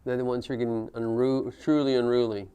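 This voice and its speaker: A man with a smooth, clear voice at a middle pitch teaches history to a classroom. He talks casually and keeps asking his students questions as he goes. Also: little pitch movement, fast talker, dark tone, dull audio. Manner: conversational, asks the class questions. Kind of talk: classroom lecture.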